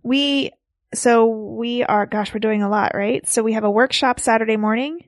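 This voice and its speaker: A woman's voice: fairly high pitch, steady tone, moderate pace, no echo, studio quality. A woman co-hosting a casual movie podcast, teasing and playful as she talks. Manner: teasing, playful, laughs often. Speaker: podcast co-host.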